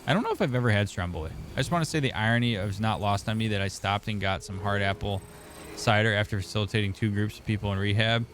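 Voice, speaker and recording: A man's voice: fairly low pitch, fast talker, noisy background. A young man, a therapist streaming a game, chatting casually and answering viewers by name. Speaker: therapist streamer reading chat. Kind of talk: casual gaming stream chat.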